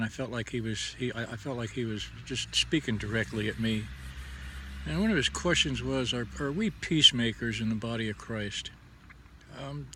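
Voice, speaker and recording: A man's voice: medium pitch, pushed and bright, a little hiss or hum. A middle-aged man giving a casual, folksy devotional talk, rambling and stammering through restarts. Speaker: host. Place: outdoors under a tree.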